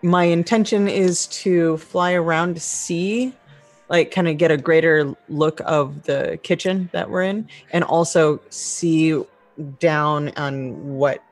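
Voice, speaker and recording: A woman playing a tabletop game, calmly and slowly stating what her character does. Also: deep voice, soft background music. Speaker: player. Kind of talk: tabletop role-play.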